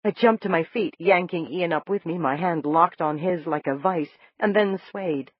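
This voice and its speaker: An audiobook narrator reading a first-person story in a steady, measured way. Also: mid-range voice, slightly rough, dry recording, dull audio.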